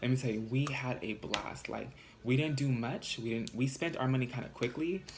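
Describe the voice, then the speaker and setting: A man's voice: medium pitch, normal speed, noisy background. A young man from California telling a sassy, swearing storytime vlog with lots of fillers. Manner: animated, sassy, swears freely. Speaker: vlogger.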